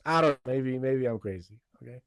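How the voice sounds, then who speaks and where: A man hosts a podcast in loose, rambling chat, stopping and restarting his thoughts. His voice sits at a middling pitch. The sound is dry and close. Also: fairly quick, no room sound. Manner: rambling, hesitant, many restarts. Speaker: podcast host. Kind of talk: casual chat.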